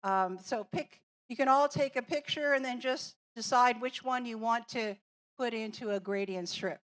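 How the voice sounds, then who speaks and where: A woman presenting a teacher training workshop in a classroom, explaining an activity step by step and walking through examples. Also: fairly high pitch. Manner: slow, deliberate, explaining and demonstrating with examples.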